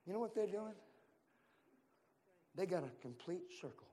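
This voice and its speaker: A male pastor from Central California preaching a sermon, calling out to the room and repeating his lines as he builds to shouts. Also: high-pitched, animated, moderate pace, heavy background noise. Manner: calls to the room and repeats himself.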